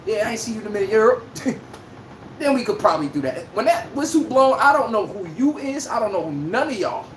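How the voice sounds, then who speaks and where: Male livestream sports host, loud and profane, speech, echoey room, faint background noise. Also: sits high, fast. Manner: animated, profane, trash-talking. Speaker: podcast host. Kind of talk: casual sports commentary livestream.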